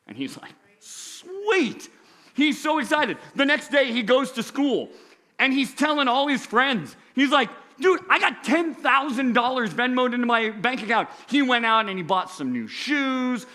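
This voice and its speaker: A young man, a youth pastor, telling a story in a sermon, animated, acting out the characters' lines. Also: high-pitched.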